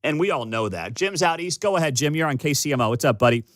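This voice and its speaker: Animated, sarcastic Midwestern talk radio man. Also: fairly high pitch, quick pace. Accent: Midwestern American. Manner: sarcastic, animated, mocking voices. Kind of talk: opinionated talk radio monologue. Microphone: studio microphone.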